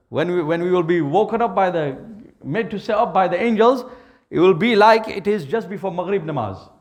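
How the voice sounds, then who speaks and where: A male preacher telling a dramatic parable in a sermon, with lots of vivid detail. His voice is high and swoops widely, and he drops in Urdu and Arabic phrases. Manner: mixes Urdu and Arabic words. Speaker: Islamic preacher. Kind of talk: sermon storytelling.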